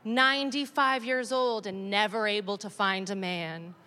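A woman playing a tactless man at a funeral, talking slowly and with pity. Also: mid-range voice, fairly even intonation, pushed and bright, slight background noise, pitched below the performer's own voice.

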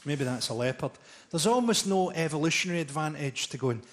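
A man in his forties performing a stand-up routine on a live stage, telling dark, profane jokes in a deadpan way. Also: on the high side, a little fast. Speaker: stand-up comedian. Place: live comedy venue with audience laughter.

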